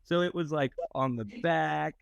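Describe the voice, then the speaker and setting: A man's voice: on the high side, a little slow, gravelly, over a noisy crowd. A man in his thirties, a podcast guest, telling a rambling anecdote in casual chat with lots of filler words. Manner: rambling anecdotal storytelling with many "like"s.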